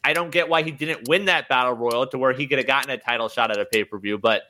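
A man's voice: mid-range voice, quick pace, bright, forceful tone. A man co-hosting a wrestling podcast, chatting casually and enthusiastically, with lots of "like". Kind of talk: casual chat.

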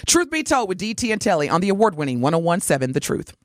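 A woman co-hosting a morning radio show, telling a story in lively chat and acting out the voices of the people in it. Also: on the low side, fast, music in the background. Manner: animated, acts out voices while telling a story. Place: radio studio.

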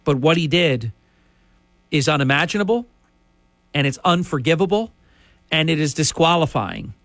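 A man's voice: on the high side, expressive, normal speed, a bit bright, no echo. A man hosting a talk radio show, ranting emphatically and indignantly into a studio microphone.

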